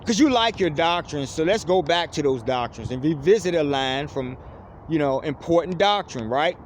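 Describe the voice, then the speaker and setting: A man delivering a fervent spiritual monologue to viewers, closing almost every phrase with a low, trailing "folks.". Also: animated, moderate pace, slight background noise. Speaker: preacher addressing online viewers.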